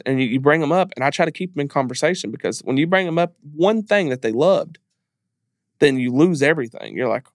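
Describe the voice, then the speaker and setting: A man's voice: a little high, expressive, fairly quick, no echo, studio quality. A man speaking as a podcast guest in a candid interview, earnest and emphatic, repeating phrases as he talks openly about grief.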